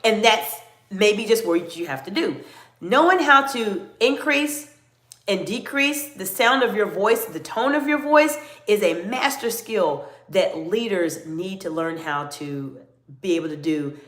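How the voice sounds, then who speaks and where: A middle-aged woman coaching viewers in a live-stream Q&A, answering them by name and lowering her voice to demonstrate. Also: expressive, a little slow, a bit bright. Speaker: communication coach. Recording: roomy echo.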